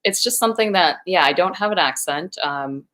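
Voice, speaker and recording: A woman's voice: on the low side, animated, normal speed, a bit bright, low-quality recording. A woman from the United States, a guest actress in a video-call interview, talking enthusiastically and rambling a little.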